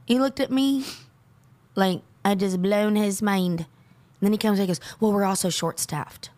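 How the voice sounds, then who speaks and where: A middle-aged woman co-hosting a podcast, ranting in animated casual chat and laughing often. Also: medium pitch, moderate pace. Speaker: podcast co-host.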